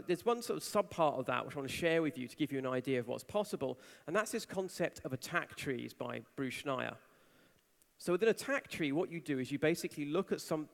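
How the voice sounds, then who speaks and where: Animated man speaking in a big hall. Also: medium pitch, creaky. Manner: animated storytelling, acts out quoted voices. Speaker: conference speaker. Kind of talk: conference talk. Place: large conference hall. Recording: reverberant hall.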